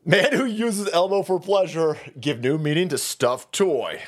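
A man hosting a political stream, ranting crudely and mocking people as he goes. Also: a little slow. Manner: crude, mocking, jumps into high mock voices.

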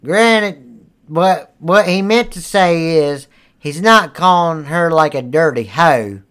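A man's voice: on the high side, lively intonation, slow, fairly bright tone, clean tone. Rowdy, foul-mouthed young man. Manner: rowdy, profane, joking. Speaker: podcast co-host. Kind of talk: crude casual chat.

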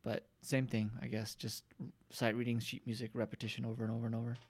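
A man's voice: mid-range voice, flat delivery, fast, a little mellow. A man appearing as a podcast guest, chatting casually and telling laid-back, loose anecdotes. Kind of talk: casual chat.

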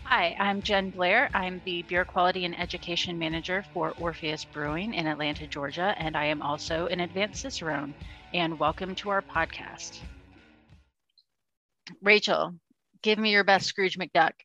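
A woman's voice: on the low side, fairly even intonation, normal speed, pushed and bright, highs cut off, soft background music. A woman co-hosting a podcast about beer in casual chat, playful and teasing. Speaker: podcast co-host, beer educator.

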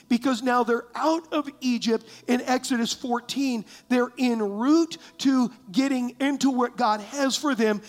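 A pastor preaching a sermon, reading scripture aloud and asking the congregation questions in an animated way. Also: male voice, very high-pitched. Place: church sanctuary.

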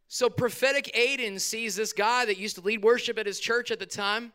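A male pastor, preaching a sermon in a church hall with animated bursts and quick asides. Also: high voice, clear, resonant tone.

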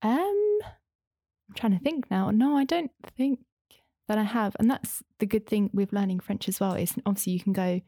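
A woman's voice: medium pitch, expressive, normal speed, dark tone, dry recording, studio quality. A young woman in casual conversation, talking in a chatty, rambling way with many fillers. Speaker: interview guest, former language student.

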